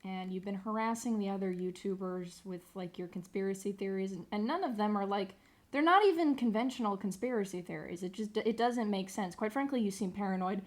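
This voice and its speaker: A woman's voice: mid-range voice, a little fast, close to an everyday voice. A woman voicing YouTube as a blunt, patronizing landlord type, with a mock-sweet, condescending tone.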